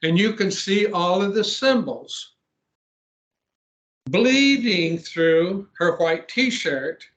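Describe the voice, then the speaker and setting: A man with a somewhat high voice tells a long story as a guest pastor in an interview. He speaks earnestly, clears his throat often, and restarts his sentences. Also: animated, drawn-out words, a bit bright.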